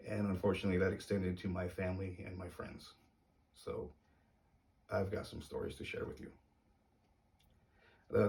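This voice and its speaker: Low-pitched man, halting and uneasy, telling his own story to camera from a little way off the mic. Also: a little mellow, distant mic. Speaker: vlogger telling a personal story.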